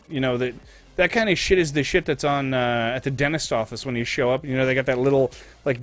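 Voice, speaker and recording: Profane, ranting male streamer. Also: medium pitch. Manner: profane, animated storytelling. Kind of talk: casual rant on a live stream.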